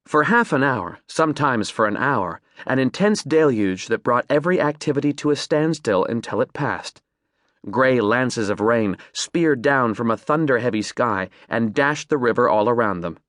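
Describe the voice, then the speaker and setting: A man reading an audiobook as narrator, in measured, descriptive storytelling. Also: mid-range voice, animated, a bit bright, no echo, clean studio sound. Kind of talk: scripted narration.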